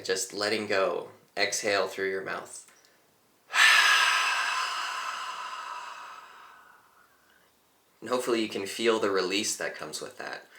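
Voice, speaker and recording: A man leading a guided meditation in a calm, unhurried, gently instructive way. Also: low voice, echoey room. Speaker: meditation teacher.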